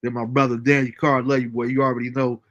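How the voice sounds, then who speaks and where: A man hosting a casual livestream show, reading out viewer comments with a relaxed, chuckling manner. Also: mid-range voice, fast, highs cut off. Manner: laid-back, chuckling often, fillers like um. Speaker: host.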